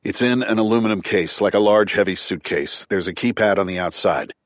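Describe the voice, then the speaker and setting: A man's voice: on the low side, brisk, dry recording, close to an everyday voice. A man reading a terse, urgent ex-soldier. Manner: clipped, urgent, profane. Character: tough ex-military man, urgent under pressure. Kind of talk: audiobook character reading.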